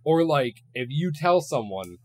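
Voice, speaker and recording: A young man hosts a loose, casual podcast. He talks with plenty of swearing and animated emphasis when telling a story. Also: fairly high pitch, measured pace. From Ohio, USA. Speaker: podcast host.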